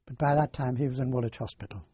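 An older man, recounting his past in a halting, rambling way in an oral history interview. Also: medium pitch, dark tone, slightly rough, no echo. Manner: halting, rambling storyteller with many fillers. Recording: dull lo-fi dry recording.

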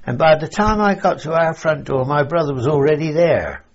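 With a fairly high pitch and lively intonation at normal speed, an older English man recalls the war in a rambling oral-history interview. This veteran chuckles often and keeps saying "you see," captured on a dull lo-fi recording.

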